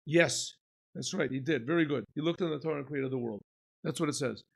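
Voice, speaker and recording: Speaking a little fast in a slightly high voice, a rabbi gives a casual Torah lesson to a class. He asks and answers his own questions and clears his throat frequently.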